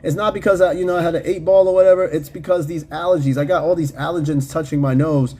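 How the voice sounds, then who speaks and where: A man's voice: fairly high pitch, steady tone, fast, mellow, breathy edge. A man hosting a podcast in casual, slangy, profane chat, reading comments from his live chat. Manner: loose, slangy and profane, with frequent fillers and laughs. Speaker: podcast host.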